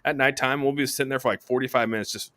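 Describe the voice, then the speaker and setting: A man's voice: mid-range voice, fairly even intonation, racing, bright, forceful tone, no echo. A man in casual chat, rambling and swearing a lot, saying "dude" often. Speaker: co-host.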